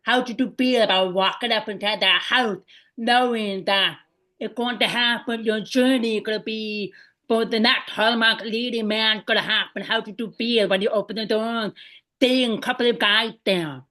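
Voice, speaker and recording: A woman's voice: fairly high pitch, steady tone, normal speed, bright, forceful tone. A woman hosting a podcast, asking her guest questions in an enthusiastic, chatty way. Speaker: podcast host. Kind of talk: casual interview chat.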